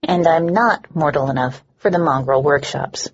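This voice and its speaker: A woman's voice: sits low, moderate pace, breathy edge. Bitter sarcastic changeling woman, read by a female narrator. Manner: sarcastic, curt. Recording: dull lo-fi recording.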